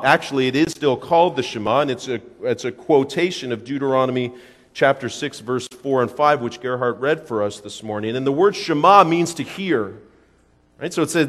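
Guy giving a sermon, kinda high voice, big echoey church, speeds up then drags out the big words. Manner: emphatic preaching, swings between quick asides and slow stressed phrases. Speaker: pastor.

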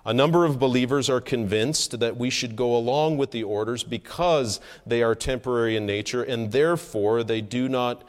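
A man preaching a sermon from the pulpit, earnest and measured, with emphatic rises on key points. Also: mid-range voice. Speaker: pastor. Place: church sanctuary. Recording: long hall reverb.

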